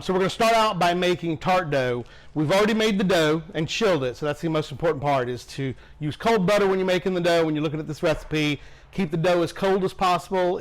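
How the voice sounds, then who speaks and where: A pastry chef, a man with a somewhat high voice, demonstrates a recipe in a bakery kitchen. He speaks plainly and practically, giving tips one step at a time. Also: low-quality recording. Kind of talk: cooking demonstration.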